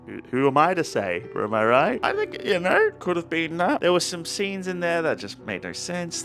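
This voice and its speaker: A man's voice: medium pitch, fairly bright tone. Rambling, profane young man reviewing a movie. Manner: rambling, profane, jokey with self-interrupting restarts. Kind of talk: casual comedic movie review.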